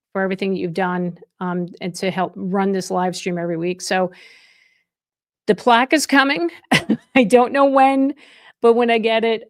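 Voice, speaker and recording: A chatty middle-aged woman hosts a real estate live stream and talks to her viewers in a warm rush, often stopping and restarting her sentences. Her voice sits at an ordinary pitch for a woman. It is recorded close and dry, with no room sound. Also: no room sound. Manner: effusive and chatty, with frequent restarts. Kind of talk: casual live stream chat.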